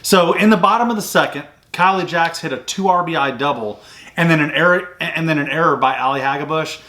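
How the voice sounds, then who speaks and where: A man talks through a softball game play by play. His voice sits a little high and sounds bright and forceful. He chats casually, with plenty of fillers and restarts. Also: fairly quick. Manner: chatty, recounts plays step by step with fillers. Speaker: sports recruiting show host. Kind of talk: casual game recap chat.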